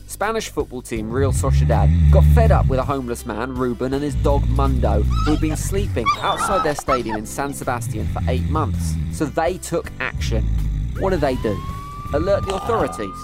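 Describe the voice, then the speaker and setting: A man's voice: medium pitch, wildly swooping pitch, moderate pace, over loud music. A man hosting and narrating comedy in a dry, sarcastic way. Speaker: host. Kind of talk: sardonic scripted comedy narration.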